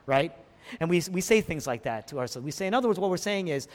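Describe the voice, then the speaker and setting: A man preaching a sermon, swinging from hushed lines to loud, dramatic ones. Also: sits high, animated, brisk. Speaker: pastor. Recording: long hall reverb.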